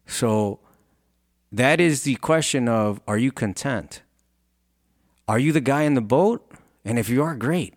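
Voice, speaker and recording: A man's voice: mid-range voice, no echo, studio quality. A man who founded a clothing brand and has kids, giving an earnest, rambling motivational talk. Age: adult with children. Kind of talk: motivational monologue.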